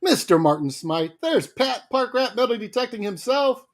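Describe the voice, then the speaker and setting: A man co-hosting a casual livestream, lively and quick to laugh as he greets viewers by name. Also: very high-pitched. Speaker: livestream co-host.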